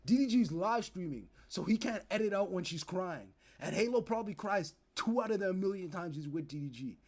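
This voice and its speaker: A young man streaming, ranting to his chat in animated, profane commentary and acting out the people he talks about. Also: high voice, brisk. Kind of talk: casual commentary to live chat.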